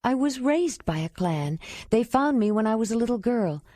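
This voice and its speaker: Woman voicing a gentle young woman raised by a clan, soft, mellow tone, dry sound. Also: fairly high pitch, lively intonation, normal speed, no echo, voice pushed up.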